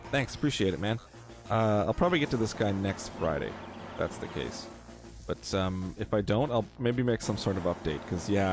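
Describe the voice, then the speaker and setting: A man's voice: fairly low pitch, a little mellow. A man with a Canadian accent giving chatty, rambling gameplay commentary, laughing easily. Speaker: game streamer.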